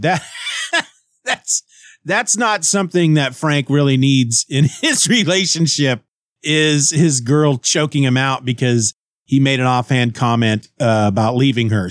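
A man's voice: mid-range voice, no room sound. Chatty man reviewing comics, dry close sound. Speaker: comic book podcast host. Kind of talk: casual comic review narration.

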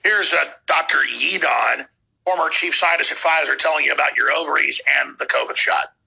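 A man's voice: a little high, gravelly, pushed and bright, breathy edge, poor audio. A man hosting a show, delivering heated, sarcastic commentary between played clips. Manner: heated, sarcastic, rapid rants. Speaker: show host.

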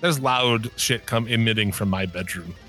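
A man's voice: lowish voice, normal speed, pushed and bright, soft background music. A middle-aged man in casual, crude conversation, rambling through stories with lots of swearing and laughing.

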